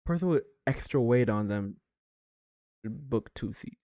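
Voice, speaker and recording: A man's voice: medium pitch, lively intonation, unhurried, mellow, no room sound. Laid-back male streamer, dull dry mic. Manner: laid-back, slangy, addresses viewers as bro. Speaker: streamer reacting to a clip. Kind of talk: casual live-stream reaction chat.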